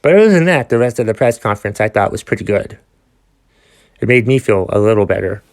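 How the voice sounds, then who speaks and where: A man's voice: lowish voice, animated, fast talker. Exasperated man ranting on his podcast. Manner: exasperated, profane, sighing rant with restarts. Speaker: podcast host.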